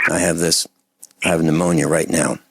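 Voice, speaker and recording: A man hosting a call-in radio talk show, delivering an impassioned, indignant rant that swings between loud outbursts and low muttering. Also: level tone, moderate pace, creaky, background noise.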